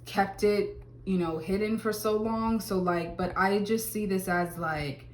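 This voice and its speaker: A woman's voice: mid-range voice, fairly even intonation, measured pace, reverberant, slight background noise. A woman giving a casual tarot reading to camera, chatty, with many fillers and exclamations. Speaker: tarot reader.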